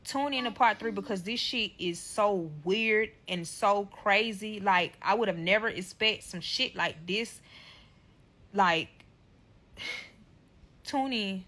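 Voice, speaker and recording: A woman's voice: medium pitch, slow, sharp tone. A young woman telling a story time vlog, profane and emphatic, acting out quotes. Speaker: storyteller in a clip.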